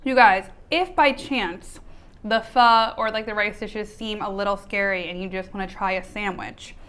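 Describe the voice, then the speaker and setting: A woman's voice: mid-range voice, fairly even intonation, normal speed, fairly bright tone, clear, resonant tone. Woman, host, food review, upbeat, speaks to viewers. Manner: upbeat, talks to camera.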